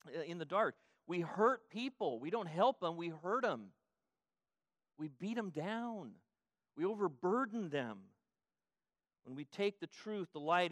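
An older man preaching a sermon as pastor, emphatic and repetitive, often restarting and rising to loud peaks. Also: high voice, dry recording.

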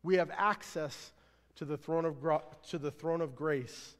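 A man preaching a sermon as pastor, earnest, swelling louder then dropping low at line ends. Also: unhurried. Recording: long hall reverb.

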